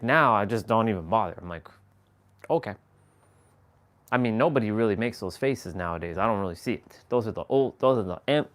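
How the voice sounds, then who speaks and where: Easygoing man rambling on a live stream. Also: lowish voice. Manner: rambling, slangy, chuckling asides. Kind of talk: casual chat.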